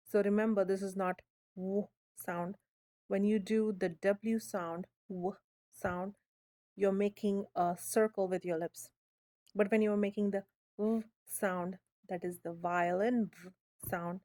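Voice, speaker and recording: Lady doing a phonics lesson, really slow and patient, soft mellow tone, keeps saying okay?. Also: mid-range voice. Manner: drawn-out demonstration sounds, frequent "okay?" checks. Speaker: phonics teacher.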